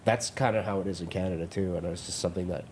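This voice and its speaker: A man's voice: low-pitched, steady tone, very fast, darkish tone. A man co-hosting a podcast, talking in a laid-back casual way with lots of filler words. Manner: laid-back, says like and dude a lot. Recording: faint background noise.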